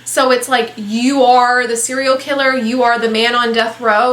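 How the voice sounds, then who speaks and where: A woman's voice: on the high side, little pitch movement, normal speed, few pauses, a bit bright, echoey room, a little hiss or hum. A woman chatting casually about books she disliked, blunt and rambling, with lots of fillers and some swearing. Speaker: book vlogger. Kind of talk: casual book review chat.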